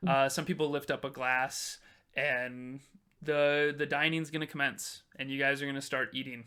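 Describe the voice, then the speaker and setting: A man narrating a tabletop game as game master, animated and laughing often. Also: mid-range voice, normal speed, clear, resonant tone.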